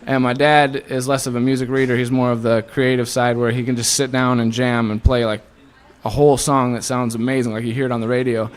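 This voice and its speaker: A young man from Iowa tells stories in a loose, chatty way. He slips into the voices of the people he quotes, lively and quick with the punchlines, in a relaxed interview as a guest musician. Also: medium pitch, clean tone. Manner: animated storyteller who acts out quoted voices. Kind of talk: casual storytelling interview.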